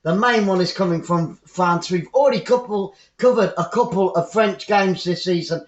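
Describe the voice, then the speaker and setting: A man's voice: high-pitched, normal speed. An English man giving chatty live football commentary for an online stream, repeating his phrases and rambling into asides. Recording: roomy, dull lo-fi sound.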